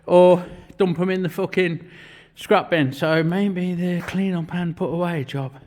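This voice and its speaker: A man's voice: sits high, steady tone, unhurried, a little mellow. A man, chatting bluntly and swearing a lot as he explains his metalwork in a vlog. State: out of breath at times. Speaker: vlogger and metal fabricator. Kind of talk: casual workshop vlog narration.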